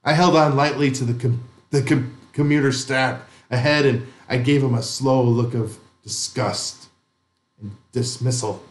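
A man's voice: medium pitch, reverberant. A male pastor reading a story aloud in dramatic first person during a sermon.

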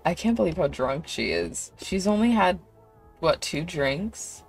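Young woman, life-sim game commentary, gravelly low voice, chatty and giggly, faint music behind. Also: big pitch swings, a little slow. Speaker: let's play creator.

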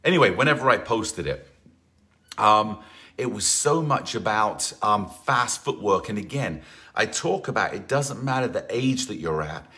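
A man's voice: lowish voice, animated, normal speed, pushed and bright. A man leading a live online workout class as fitness instructor, chatty and encouraging, greeting viewers by name between rambling asides.

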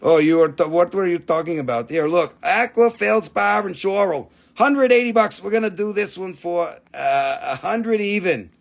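A man's voice: sits high, moderate pace, creaky, few pauses. Crude, joking man selling crystals. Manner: crude joking sales patter. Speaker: live sale host. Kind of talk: live shopping stream.

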